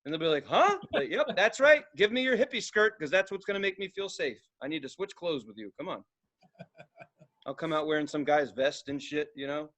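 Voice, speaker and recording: High bright-voiced man telling stories. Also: expressive, a little fast. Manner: profane, rambling, acts out quoted voices. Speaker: podcast co-host. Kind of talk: casual storytelling chat.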